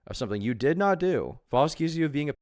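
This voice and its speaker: A man's voice: on the high side, sing-song, fast talker, darkish tone. A man streaming live reaction commentary on a video, talking in a sarcastic, crude and mocking way.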